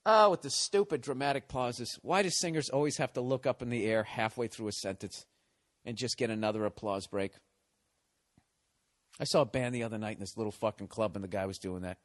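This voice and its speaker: A man's voice: medium pitch, brisk. A man hosting a podcast, telling a comedic story as a profane, exasperated, sarcastic rant. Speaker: podcast host.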